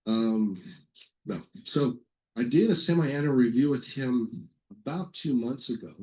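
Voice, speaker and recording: Speaking at a measured pace in a mid-range voice, a middle-aged man presents a software webinar. He rambles casually, tells stories, and often corrects himself between fillers, all on a rough recording.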